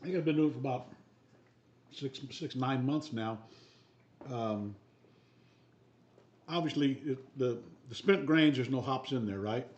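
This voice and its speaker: A man in casual chat on a homebrew livestream, explaining things in a relaxed, rambling way with many fillers. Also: medium pitch, unhurried, long pauses. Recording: dull, echoey room audio.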